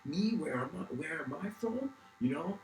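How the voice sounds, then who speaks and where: A man's voice: fairly high pitch, animated, moderate pace, echoey room, slight background noise, voice pushed up, close to an everyday voice, rough recording. A man voicing a brash, cocky ancient male philosopher with a tough-guy swagger. He talks emphatically and repeats himself. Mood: defiant.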